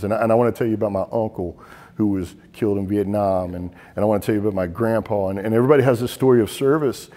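A middle-aged man, a military veteran, tells stories in an interview, earnest and halting, often repeating words as he goes. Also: on the low side, mellow, in a large hall. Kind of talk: interview storytelling.

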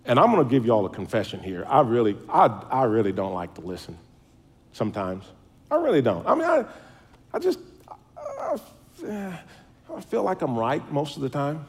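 Middle-aged male speaker, folksy storyteller with a lively, swinging voice, self-deprecating. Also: mid-range voice, normal speed. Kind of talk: public speech.

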